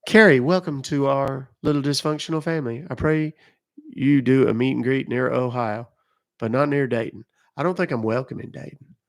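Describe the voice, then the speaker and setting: A man's voice: mid-range voice, normal speed. A middle-aged man chatting casually on a live stream, rambling and joking as he reacts to viewer comments. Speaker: live streamer reading chat.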